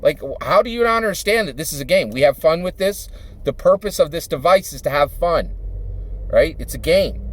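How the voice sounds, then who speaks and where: A man's voice: fairly high pitch, expressive, a little fast. A man voicing an earnest middle-aged father who insists, eager and sure of himself. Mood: cheerfully insistent.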